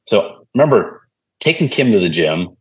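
A man with a fairly low voice tells stories as a guest in a casual conversation. He is animated and drops into other people's voices as he quotes them, so his pitch moves around a lot. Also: normal speed. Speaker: podcast guest. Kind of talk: casual storytelling chat.

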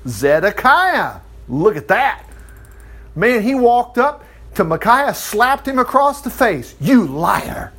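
Lively, animated male preacher. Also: very high voice, slow pace. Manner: lively, acts out the characters' lines with laughs and asides. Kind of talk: animated sermon retelling a Bible story.

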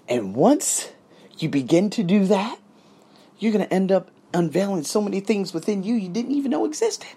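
A man hosting his own podcast, giving an animated, profane, preachy motivational monologue. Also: high voice, moderate pace, breathy edge. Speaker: podcast host. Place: abroad, living in Thailand.

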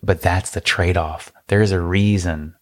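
A man co-hosting a podcast, explaining things in a flat, laid-back way during casual chat. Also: deep voice, unhurried, no echo, studio quality. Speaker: podcast co-host.

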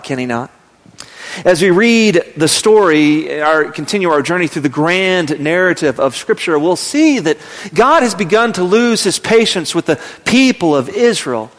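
A man in his thirties, a pastor, preaching a sermon and telling a family story, sometimes raising his voice. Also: sits high. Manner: storytelling, rising to loud acted yelling in anecdotes. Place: church sanctuary. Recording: long hall reverb.

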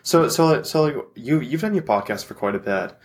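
Stammering young-sounding podcast host. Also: male voice, medium pitch, expressive, moderate pace. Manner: hesitant, stammering, repeats words. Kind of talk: casual interview chat.

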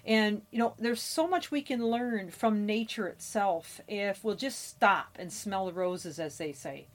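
A woman's voice: medium pitch, a little slow. Earnest woman hosting a self-help podcast. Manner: earnest, anecdotal, many fillers and restarts. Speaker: podcast host. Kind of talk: motivational podcast talk.

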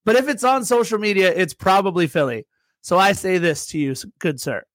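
A man's voice: high voice, a little fast, a bit bright, no echo. A man co-hosting a casual soccer podcast, teasing his co-host and reading sponsor plugs. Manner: playful ribbing, reads sponsor plugs. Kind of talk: casual chat.

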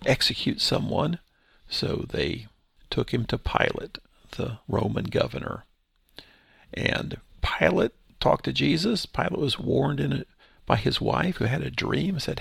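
A man's voice: mid-range voice, vocal fry, a bit bright, breathy edge, no echo. A man who is a pastor and podcast host, reading scripture aloud and then explaining it in a conversational teaching style. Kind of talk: Bible study podcast teaching.

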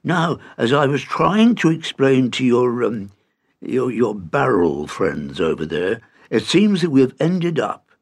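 A man's voice: medium pitch, sing-song, unhurried. A man doing a fussy, polite little inventor. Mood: flustered. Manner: polite, formal, flustered. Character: tiny, polite, fussy male inventor, part-mayfly.

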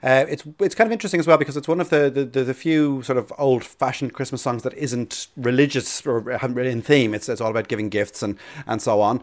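Fast-talking Irish man explaining birds. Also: medium pitch. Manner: fast, eager, with many restarts and repeated words. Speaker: bird expert guest. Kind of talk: casual radio chat.

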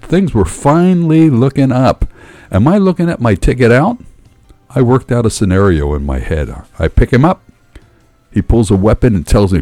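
A man's voice: deep voice, gravelly, mellow, breathy edge. A man narrating a first-person story in a dramatic, wry manner.

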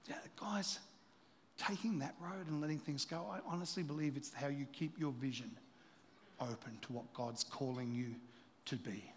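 A man preaching a sermon, animated storytelling that drops into quiet, confessional asides. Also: high voice, in a large hall. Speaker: pastor.

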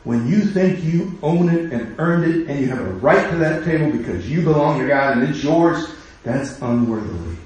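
A man's voice: on the high side, expressive, normal speed, few pauses, a little mellow, a little hiss or hum. A man preaching a sermon as pastor, impassioned and full of rhetorical questions. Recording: very echoey room.

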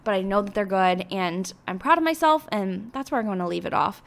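A woman's voice: mid-range voice, fairly quick, creaky. A young woman hosting her own podcast, talking in a rambling, emotional way with many filler words. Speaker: podcast host. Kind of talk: casual solo podcast monologue.

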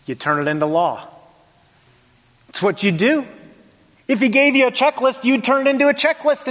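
Male pastor, high voice, emphatic sermon delivery in a reverberant church hall. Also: a bit bright. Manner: emphatic, varied dynamics, rhetorical questions. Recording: long reverb of a large hall.

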